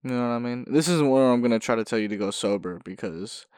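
A man talking solo on his own podcast in a laid-back, casual way. He swears a lot, laughs often, and gets loud and high when worked up. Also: lively intonation, fast, clean tone, no echo, clean studio sound. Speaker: podcast host.

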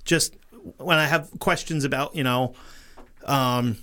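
A man's voice: mid-range voice, fairly even intonation, unhurried, bright, forceful tone. A man hosting a true crime podcast in casual chat, swearing freely, rambling and laughing often. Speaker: podcast host.

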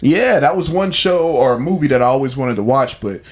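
A man's voice: medium pitch, normal speed. A man co-hosting a podcast in casual chat, telling stories with enthusiasm and acting out quotes. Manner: animated, enthusiastic storytelling with acted-out quotes. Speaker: podcast co-host.

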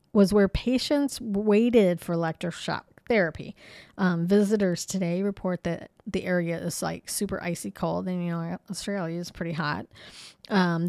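A woman co-hosting a podcast, casually telling ghost stories in a chatty, animated way with frequent fillers. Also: on the low side, dry recording. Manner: chatty, lots of "you know" and "um"; animated, laughs easily. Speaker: podcast co-host. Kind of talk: casual storytelling about hauntings.

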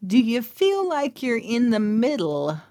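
A woman who hosts a podcast and works as a coach, telling a story and greeting listeners in an animated way with thoughtful humming fillers. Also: on the high side, measured pace, no room sound.

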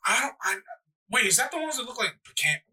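A man's voice: extremely high pitch, sing-song, fast, sharp tone, husky, poor audio. A young man co-hosting a podcast in casual chat, joking, swearing freely and laughing often. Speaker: podcast co-host.

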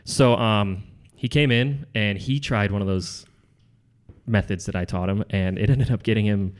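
A man being interviewed, telling stories about his past sales job in a casual, rambling way. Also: fairly low pitch. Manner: fast, rambling, restarts phrases. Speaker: guest, former salesman. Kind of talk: casual conversational storytelling.

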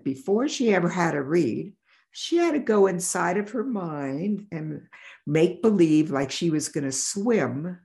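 A vision therapist telling a patient story in an interview, animated and acting out the dialogue. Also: medium pitch. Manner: animated, acts out quoted dialogue.

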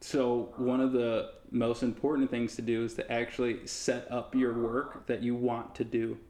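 A man co-hosting a podcast, chatting casually and explaining things in a relaxed way. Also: mid-range voice, moderate pace. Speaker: podcast co-host. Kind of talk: casual chat.

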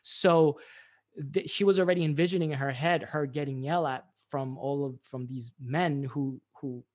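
A man's voice: a little high, steady tone, moderate pace, darkish tone. A man being interviewed, telling a story animatedly with many fillers and restarts. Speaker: guest, business owner.

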